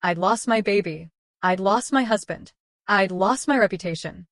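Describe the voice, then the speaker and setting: A woman narrating a first-person drama story in a steady, even reading voice. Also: mid-range voice, moderate pace, no room sound.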